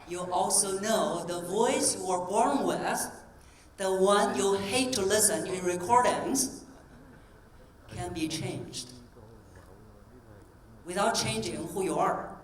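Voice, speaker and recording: A woman voice coach giving a keynote talk to a convention audience, animated and demonstrative, asking the crowd questions. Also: medium pitch, slow pace, a little hiss or hum. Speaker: voice coach and speaker. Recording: roomy echo from a distance, faint ambience.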